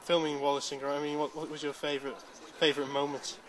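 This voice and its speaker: A man working as a reporter, asking brisk interview questions outdoors at a public event. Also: on the high side, flat delivery, fairly bright tone, low-quality recording. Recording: crowd chatter behind. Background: crowd.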